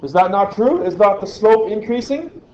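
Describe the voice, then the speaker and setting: A man's voice: sits high, lively intonation, moderate pace, dark tone, highs cut off, slight background noise. A man teaching a physics lesson in a classroom, quizzing the class as he goes. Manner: chatty, asks the class questions. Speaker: science teacher.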